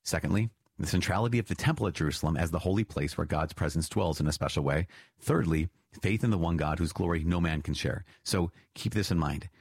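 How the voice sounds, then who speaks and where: A man's voice: sits low, a little fast, gravelly, a little mellow, slightly rough, no room sound, clean studio sound. A man explaining a catechism reading in an earnest teaching style, stressing points with sudden rises. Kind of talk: spoken teaching commentary on a reading.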